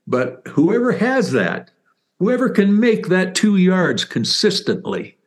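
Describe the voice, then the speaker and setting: An older man, a former football player and author, telling stories in an interview with animated, rambling enthusiasm. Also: high voice, slow. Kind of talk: interview storytelling.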